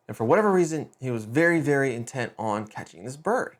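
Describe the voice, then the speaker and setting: Middle-aged male host, mid-pitched, relaxed storyteller who stresses key beats. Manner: conversational, with quick restarts and lively emphasis. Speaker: podcast host. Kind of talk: casual storytelling monologue.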